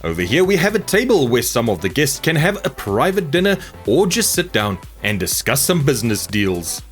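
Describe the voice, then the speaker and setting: A man's voice: mid-range voice, very animated, normal speed. A man hosting a gameplay video, giving casual commentary with playful, mock-grand jokes. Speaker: gaming channel host. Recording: faint music behind the voice.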